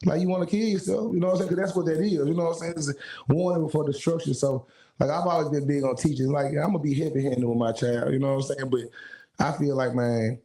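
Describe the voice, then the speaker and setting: A man, a singer guest, telling stories in an animated, casual way, acting out the voices he quotes in streetwise slang. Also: a little high, quick pace, rough recording. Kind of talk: casual storytelling.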